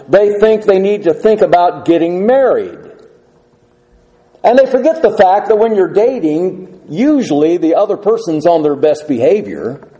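Earnest preaching man, high and mellow. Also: low-quality recording. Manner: earnest, measured preaching with rhetorical questions. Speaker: pastor. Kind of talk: sermon.

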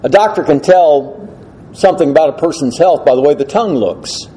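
A man's voice: a little high, expressive, a little fast, warm tone, poor audio. A male preacher giving an earnest, emphatic expository sermon laid out in numbered points.

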